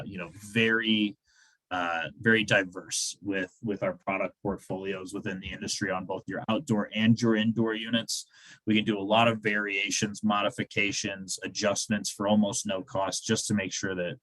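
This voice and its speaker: A man presenting products in an online webinar, his voice low and level with little rise and fall. He talks conversationally, leaning on fillers as he goes. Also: fairly bright tone, dry recording, low-quality recording.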